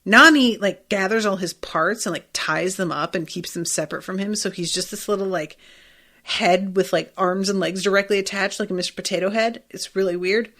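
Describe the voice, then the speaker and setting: A woman's voice: mid-range voice, normal speed. Chatty, swearing woman podcast host. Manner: chatty, profane, animated retelling with quoted asides. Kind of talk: casual solo recap.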